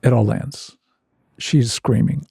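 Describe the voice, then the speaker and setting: Gravelly, husky man telling a story. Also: mid-range voice, fairly even intonation, slow, mellow, no room sound, whispered, studio quality. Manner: vivid, self-mocking storyteller. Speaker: guest therapist. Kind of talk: animated personal storytelling.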